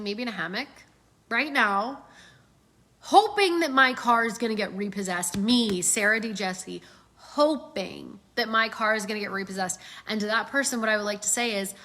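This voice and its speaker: A middle-aged woman giving casual sales coaching, animated and acting out customer voices as she talks. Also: on the high side. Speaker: sales trainer.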